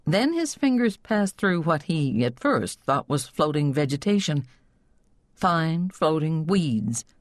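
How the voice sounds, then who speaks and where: A woman reading a novel aloud in a low voice with lively, expressive intonation. Her storytelling is measured and scripted. The studio recording is close and dry. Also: dry recording. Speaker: audiobook narrator. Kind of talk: scripted narration.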